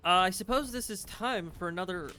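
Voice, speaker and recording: A man's voice: sits high, fairly quick, pushed and bright, slight background noise. A man giving casual gameplay commentary as a let's play host, rambling with fillers and self-corrections. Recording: game music underneath.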